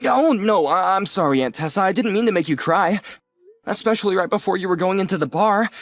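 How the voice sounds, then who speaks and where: A man playing a sincere young man who teases his aunt gently and thanks her earnestly. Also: high-pitched, fast. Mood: apologetic. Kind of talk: audio drama acting.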